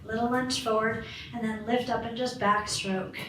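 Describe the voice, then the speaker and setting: A woman's voice: fairly high pitch, level tone, moderate pace, sharp tone. Upbeat woman leading a balance class. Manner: encouraging, counts reps and cues moves. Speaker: fitness instructor. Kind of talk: guided balance exercise class. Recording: roomy, far from the mic, faint background hiss.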